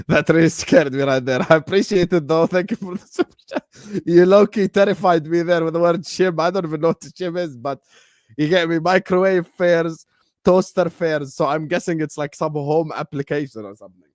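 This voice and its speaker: Excitable man, dry close mic. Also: on the high side, a little fast, no echo. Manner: excitable, laughing, trash-talking banter. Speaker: host of a football fan livestream. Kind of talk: casual livestream chat.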